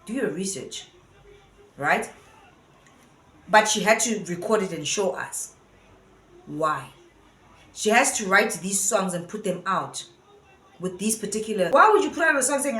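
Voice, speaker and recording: A woman's voice: medium pitch, animated, moderate pace, long pauses, a bit bright. A woman giving casual opinion commentary, earnest and rambling as she thinks aloud. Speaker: vlogger. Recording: roomy echo.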